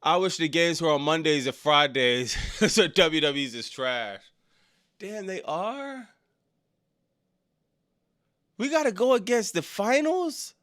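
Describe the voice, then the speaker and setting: Animated man with a bright, forceful voice. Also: measured pace, smooth. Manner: animated, swinging between loud excited outbursts and low frustrated mutters; casual slang, often ending lines with "dog" or "bro". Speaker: streamer hosting a live wrestling reaction show. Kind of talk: live-stream reaction commentary, reading chat.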